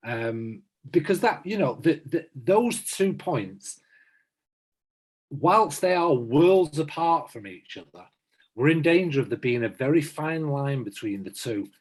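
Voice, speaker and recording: An earnest man in his fifties reflecting aloud in a relaxed chat with friends, often pausing and restarting. His voice is husky, and it rises and falls a lot. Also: a little high. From south Manchester, England. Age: 50s. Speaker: podcast co-host. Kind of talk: casual chat among friends.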